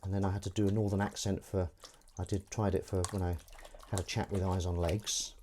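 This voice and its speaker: A man with a fairly low voice chats casually to his live-stream viewers from his kitchen. He rambles, loses his thread and pokes fun at himself, while water and dishes clink faintly in the background. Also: little pitch movement, brisk, dark tone, slight background noise. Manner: rambling, self-deprecating, chatty. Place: home kitchen, washing up while talking. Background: faint running water and dish clatter.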